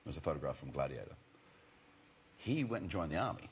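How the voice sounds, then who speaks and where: A man's voice: very deep voice, big pitch swings, fairly quick, slight background noise. A man in his forties, an actor guest on a chat show, telling wry, jokey stories in a loose, casual way.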